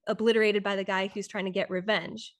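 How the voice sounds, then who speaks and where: A woman guest on a casual podcast, explaining her views in a measured way at length. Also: medium pitch, flat delivery. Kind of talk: casual chat.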